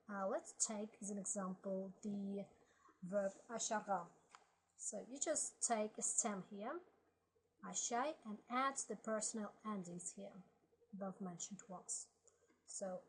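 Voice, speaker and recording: A woman teaching a language lesson, slowly reading word lists aloud and explaining grammar step by step. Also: mid-range voice, slight background noise, rough recording. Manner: slow, methodical, reads word lists aloud.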